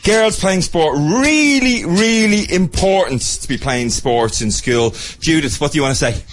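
Irish guy radio host chatting with kids at a school, super lively and jokey, pitch all over the place. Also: measured pace. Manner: playful, teasing, lively. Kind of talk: on-location radio interview with children. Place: primary school.

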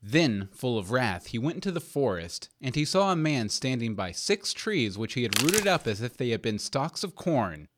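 Expressive man reading a fairy tale. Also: mid-range voice, moderate pace, few pauses. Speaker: reader. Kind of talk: storybook narration.

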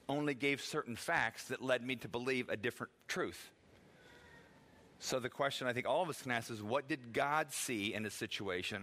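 A middle-aged male pastor gives a sermon in a bright, forward voice. He talks to the congregation like a conversation, acting out the voices of people he quotes, and laughs now and then. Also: medium pitch.

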